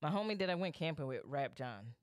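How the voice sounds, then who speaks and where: A young man co-hosts a podcast, animatedly telling a story in casual chat, swearing freely and acting out what people said. His voice sits on the high side, expressive and fast, recorded at studio quality with no echo.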